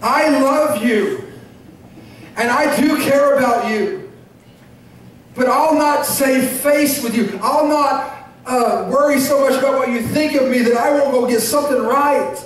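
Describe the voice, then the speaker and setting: A man preaching a sermon as pastor, earnest and emotional, with bursts of shouting and laughter. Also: very high-pitched. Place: church sanctuary. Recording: echoey church recorded from far off.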